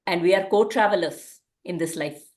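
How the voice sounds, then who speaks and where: A woman's voice: lowish voice, moderate pace, darkish tone. A woman teaching a parenting class in a conversational way, often asking rhetorical questions.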